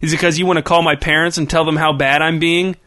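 A man's voice: a little high, flat delivery, fast, pushed and bright, no echo, clean studio sound. A man voicing a sullen, volatile nineteen-year-old who erupts into screaming. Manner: sulky, bursts into screaming.

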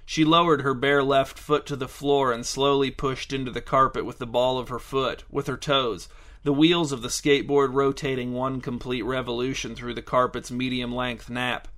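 Deadpan male story narrator. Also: medium pitch, normal speed. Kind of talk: audiobook narration.

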